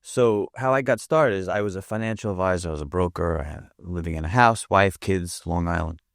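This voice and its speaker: Man, guest storyteller, vivid and profane, lowish voice, dry close mic. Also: brisk, creaky, no room sound. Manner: vivid anecdote teller, profane. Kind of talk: casual storytelling.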